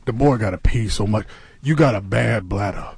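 A man hosting a comedy radio show, deadpan and mock-serious, often stammering on repeated words. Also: on the low side, normal speed, vocal fry, husky.

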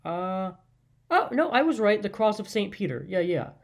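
Solo podcast host, mid-pitched, casual and unscripted; rambling, hesitant, full of restarts. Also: sing-song, moderate pace, creaky. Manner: thinks aloud, hedging and musing.

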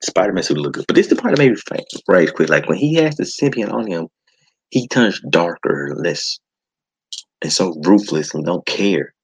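A man's voice: sits low, very animated, moderate pace, slightly rough, poor audio. A man hosting a podcast, ranting in a casual, exasperated way with sighs and restarts. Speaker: podcast host. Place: home setup.

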